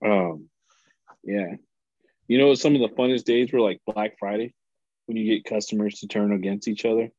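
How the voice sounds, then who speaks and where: A man's voice: on the low side, normal speed, long pauses, no room sound, muffled recording. A man telling stories from an old retail job on a podcast, acting out the people in them and swearing freely. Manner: animated storyteller, acts out voices, swears freely. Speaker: guest telling work stories. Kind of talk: casual podcast storytelling.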